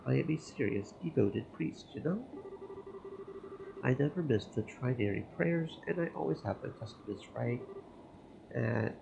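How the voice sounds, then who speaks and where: A man reading Kevin, a gravelly flirting priest. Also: mid-range voice, lively intonation, measured pace, noisy background. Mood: playful. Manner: teasing, easygoing banter. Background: game music.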